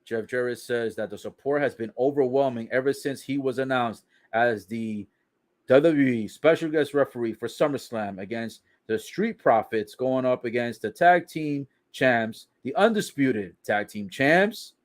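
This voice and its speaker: A man's voice: mid-range voice, unhurried. A man casually recapping a wrestling broadcast, swearing, joking in slang and laughing often. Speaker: wrestling show reaction commentator.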